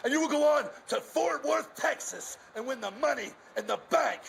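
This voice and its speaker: A towering, wise lake monster lady voiced by a man speaks with a thick Scottish accent. Her gravelly voice climbs high and swoops about as she makes a grand prophecy to a young warrior. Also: lively intonation, moderate pace, slight background noise, heavily acted. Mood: prophetic. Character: Loch Ness Monster, female, huge, gentle, sage.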